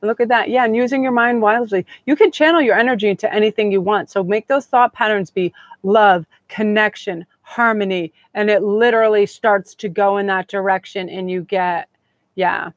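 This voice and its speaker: A woman's voice: medium pitch, moderate pace, no echo. A middle-aged woman hosting a live tarot reading, talking in a chatty, gushing, meandering way. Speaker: tarot reader and host.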